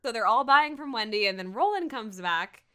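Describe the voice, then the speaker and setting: A woman with a bright, clear voice that rides a little higher than most, chatting casually on a podcast. Her pitch swings widely as she recaps a TV episode, laughing often and acting out lines from the scenes. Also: animated, moderate pace. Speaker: podcast co-host.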